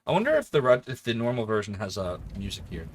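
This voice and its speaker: A man's voice: on the low side, fast talker, slight background noise. A man in his forties from the Philadelphia area, chatting animatedly and laughing often while streaming a game. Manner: animated, chatty, laughs often, jumps between joking voices. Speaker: livestreamer. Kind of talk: casual let's-play chat.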